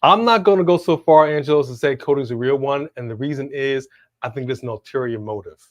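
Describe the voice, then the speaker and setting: Male stream co-host, excitable play-by-play, dry close mic. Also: medium pitch, quick pace, dry recording. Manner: animated, reacts to the action and reads super chats aloud. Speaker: watch-along co-host. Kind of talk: casual live-stream commentary.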